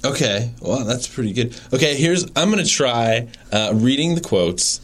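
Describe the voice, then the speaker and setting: A man's voice: medium pitch, animated, normal speed. A man hosting a podcast, asking easygoing questions with a dry joking streak and reading the outro. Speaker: podcast host. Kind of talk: conversational interview and scripted podcast outro.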